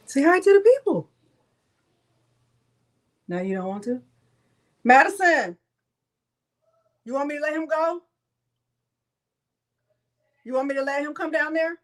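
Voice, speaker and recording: A woman's voice: sits high, animated, unhurried, long pauses. Chatty, teasing craft host woman. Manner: teasing, chatty, laughs often. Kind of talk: casual live-stream chat.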